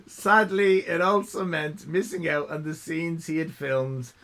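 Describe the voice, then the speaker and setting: A man's voice: fairly high pitch, fairly even intonation, unhurried, fairly bright tone. A man hosting a live stream in casual chat, rambling, laughing and thanking viewers. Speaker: livestream host.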